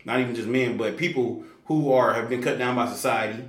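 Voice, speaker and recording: A man telling a story in casual conversation, animated and slangy, with many fillers and restarts. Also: brisk, echoey room. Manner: animated, acts out quoted people with big pitch jumps. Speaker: guest telling his story.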